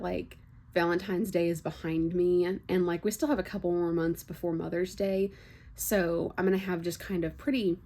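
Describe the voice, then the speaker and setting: A young woman from Texas, speaking General American with a faint Southern trace, chatting unscripted to camera about her life and books. She rambles with frequent fillers and soft laughs. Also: lowish voice, vocal fry. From Texas, USA. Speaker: book vlogger. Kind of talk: unscripted casual chat to camera.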